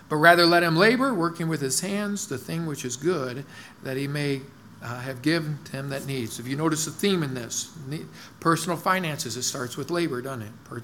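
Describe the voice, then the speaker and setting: A man's voice: fairly high pitch, fairly bright tone, slight background noise. A middle-aged male pastor giving a conversational sermon in church, with many fillers and restarts.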